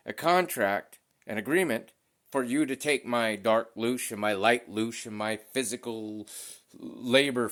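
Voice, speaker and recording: A man's voice: medium pitch, a bit bright. A man ranting to camera in a vlog, blunt and profane, with a heated edge to his talk. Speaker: vlogger.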